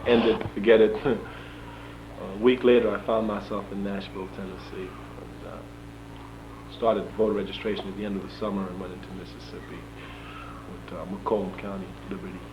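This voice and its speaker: A young man in an interview, recounting events in an animated way, chuckling often and acting out the dialogue. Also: deep voice, a little fast. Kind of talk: storytelling in an interview. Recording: dull lo-fi archival tape with faint hum.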